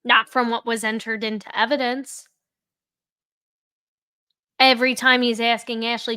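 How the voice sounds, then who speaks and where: A woman with a high, bright voice reacts to trial footage with sarcasm and indignation. She sounds worked up and pointed as she argues her side. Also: little pitch movement, measured pace, pauses often, clean tone. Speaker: true crime commentator.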